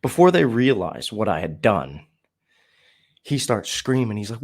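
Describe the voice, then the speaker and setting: A man candidly telling a painful personal story, raw and profane, halting and restarting his sentences. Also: on the low side, very animated. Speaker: storyteller sharing recovery story.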